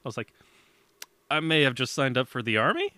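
Young guy podcast host, bright forceful voice, dry close sound, laughs a lot and cusses while telling stories. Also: medium pitch, huge pitch swings, brisk, no room sound. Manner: laughs often, swears casually, acts out quoted parents. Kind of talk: casual storytelling chat.

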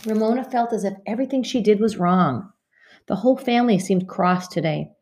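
A woman narrating a children's storybook in an expressive, measured reading. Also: medium pitch. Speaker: audiobook reader.

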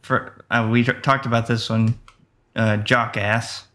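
A man co-hosting a casual movie-review podcast, speaking in a dry, matter-of-fact way with many pauses. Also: mid-range voice, little pitch movement, fairly bright tone. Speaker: podcast co-host.

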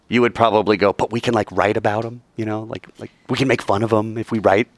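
A man teaching a classroom lecture, joking with his students in quick asides and acting out quoted arguments in a raised voice. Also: lowish voice, no room sound.

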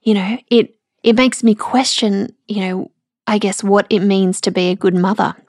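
A woman, hosting a personal podcast, speaking candidly and emotionally with halting restarts, close to tears. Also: medium pitch, fairly even intonation, a little mellow, dry recording. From Australia. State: tearful. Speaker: podcast host.

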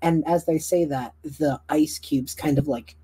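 A young woman narrating a tabletop game as game master, casual and full of fillers, clearing her throat now and then. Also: low-pitched, fairly even intonation, unhurried, mellow, dry recording.

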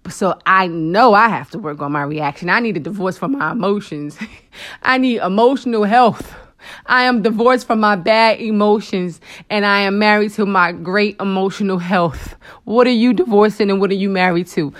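At medium pitch and a moderate pace, this faith talk show host gives a Christian motivational talk full of emotion. She's conversational and animated, calling her listeners "girl" and "honey" and breaking into frequent asides and exclamations to the Lord.

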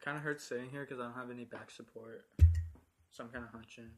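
A man's voice: mid-range voice, fairly even intonation, quick pace, music in the background. A teenage boy co-hosting a casual podcast chat in a laid-back, drawling, joking way. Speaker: podcast co-host. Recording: noisy home recording.

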